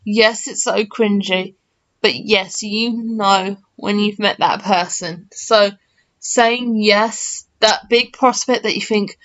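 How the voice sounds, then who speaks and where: A woman's voice: mid-range voice, steady tone, takes it slowly, a bit bright. A woman in her early twenties, telling a story to camera in a chatty, rambling way full of fillers and restarts. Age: early 20s. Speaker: gaming channel host. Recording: slightly muffled lo-fi mic.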